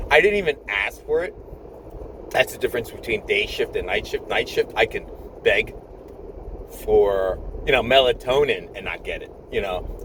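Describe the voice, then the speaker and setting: A man's voice: mid-range voice, expressive, moderate pace. Rambling man in his fifties, road noise. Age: 50s. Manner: rambling, with many restarts and chuckles. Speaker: nurse vlogger. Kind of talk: rambling storytelling vlog.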